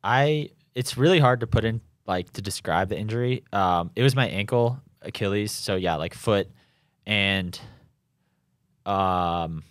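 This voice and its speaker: A young man with a lowish voice tells his stories in a loose, rambling way, with lots of restarts and fillers. The sound is close and dry, with no room around it. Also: unhurried, dry recording. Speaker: professional triathlete guest. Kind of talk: casual conversational interview. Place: home in Boulder.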